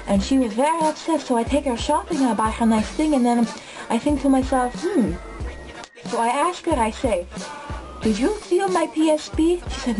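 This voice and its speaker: A woman doing a boastful young ex-tough guy, high. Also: rough recording. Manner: broken English, repetitive, matter-of-fact.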